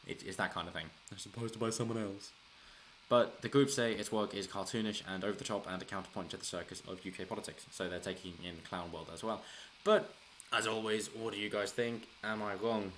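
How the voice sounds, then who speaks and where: A man talks through political news in a loose, rambling way, restarting sentences and chuckling as he goes. His voice sits very low. A faint hiss of noise runs behind the recording. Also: fairly even intonation, fast talker, few pauses, fairly bright tone. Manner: rambling, frequent restarts, chuckles while talking. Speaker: political commentary channel host. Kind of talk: casual solo commentary.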